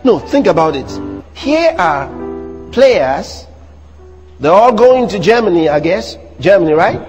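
A man preaching a sermon to a church congregation, animated, teasing the audience with rhetorical questions and mimicry. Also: high-pitched, unhurried, in a large hall, soft background music. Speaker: pastor.

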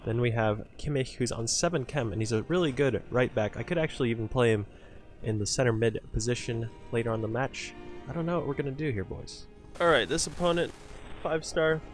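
Excitable man commentating his own gameplay. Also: medium pitch, a little fast, faint music behind. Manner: excitable, talks to viewers as "boys", cheers at players. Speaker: gaming channel host.

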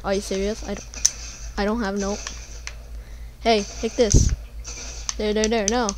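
Young female gamer, slow, slightly high, panicky, keyboard clicking. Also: fairly even intonation, slight background noise. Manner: panicky, jumps to loud pleading and yelling. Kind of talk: casual gameplay commentary.

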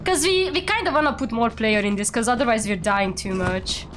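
A young woman hosting a casual game stream, playful and teasing, quick to exclaim. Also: fairly high pitch, fairly bright tone, a little hiss or hum. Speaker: streamer and VTuber host.

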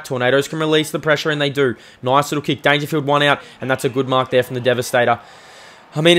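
A young man giving energetic play-by-play commentary on a video game match, his voice jumping up on the big plays. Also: on the high side. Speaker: host and commentator.

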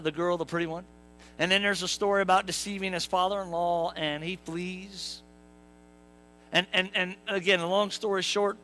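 In a church sanctuary, a young adult pastor tells jokes and stories in a humorous sermon, acting out characters and quizzing the congregation. His voice is high, pushed and bright, and the audio quality is poor.

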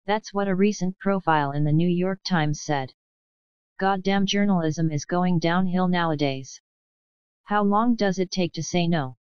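A woman reads a novel aloud in a measured first-person delivery. Her voice is low-pitched and smooth, recorded dry with a slightly muffled, lo-fi sound. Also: darkish tone, no echo. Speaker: audiobook narrator. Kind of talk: scripted audiobook narration.

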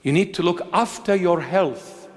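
High-voiced man preaching in a reverberant hall. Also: a little slow. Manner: emphatic, mocking, asks rhetorical questions. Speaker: bishop preaching. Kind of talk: sermon.

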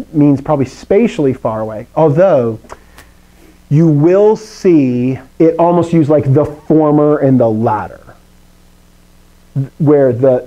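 A man teaching a Greek class to students in a classroom, animated, with pitch swings and playful asides. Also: muffled recording. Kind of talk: live classroom lecture.

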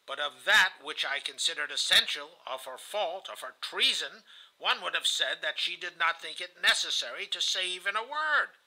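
A man's voice: a little high, lively intonation, normal speed, bright, forceful tone, low-quality recording. A man reading a novel aloud in the first person, earnest and confessional. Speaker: audiobook reader.

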